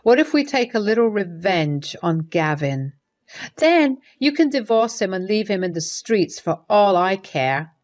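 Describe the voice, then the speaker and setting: A woman's voice: mid-range voice, big pitch swings, unhurried, a little mellow. A woman voicing a caring middle-aged mother-in-law who speaks hesitantly and soothingly while reading a story's dialogue. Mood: concerned.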